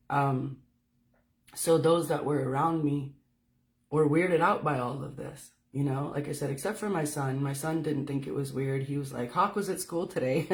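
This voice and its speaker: A woman giving a casual livestream talk as a spiritual speaker. She talks candidly and swears freely as she tells her story. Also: deep voice. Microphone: phone.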